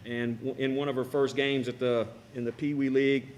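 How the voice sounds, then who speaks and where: Middle-aged man, halting and emotional, everyday mid-pitch voice. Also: level tone, darkish tone, a little hiss or hum. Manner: halting, choked up. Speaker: parent giving a speech. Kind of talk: emotional tribute speech. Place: school cafeteria.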